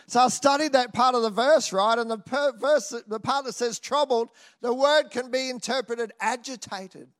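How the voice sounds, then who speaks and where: A man preaching a sermon in an animated way, swinging from loud exclamations to quiet asides and often tossing in a "hey?". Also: extremely high pitch, moderate pace, hardly any pauses.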